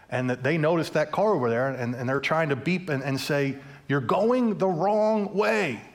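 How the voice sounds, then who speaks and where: In church, a pastor with a slightly high voice tells a story during his sermon in a relaxed, conversational style, full of fillers and repeated words.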